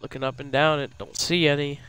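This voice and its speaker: A young man with a fairly high, bright voice, commenting on his game as he plays it. He jokes with his viewers and talks straight to the creatures in the game, with a little music playing underneath. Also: flat delivery, fairly quick, rough recording. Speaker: streamer. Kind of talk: live gameplay commentary.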